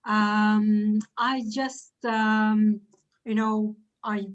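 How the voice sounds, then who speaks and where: A woman translator speaking on a video call in an earnest, halting way, with frequent pauses. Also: medium pitch, little pitch movement, muffled recording. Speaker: book translator. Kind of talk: casual video call chat.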